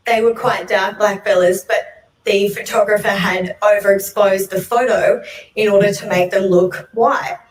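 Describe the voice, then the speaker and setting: Australian woman telling a wry story, echoey. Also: mid-range voice. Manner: wry, self-mocking humour. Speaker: storyteller on stage. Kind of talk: personal storytelling talk. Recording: echoey room, voice distant from mic.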